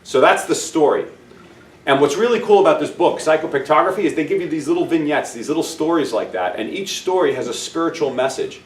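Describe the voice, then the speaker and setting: A man's voice: on the high side, expressive, fairly quick. A man hosting a self-help show, telling a story in an upbeat, encouraging way and speaking straight to the viewer. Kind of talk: storytelling with a motivational message. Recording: roomy sound, distant mic, faint ambience.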